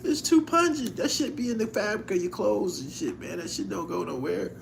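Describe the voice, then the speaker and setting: Channel host, male, high-pitched, loose profane storyteller who laughs a lot; noisy recording. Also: animated, fairly quick, gravelly. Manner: profane, laughs often while telling stories. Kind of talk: casual livestream chat.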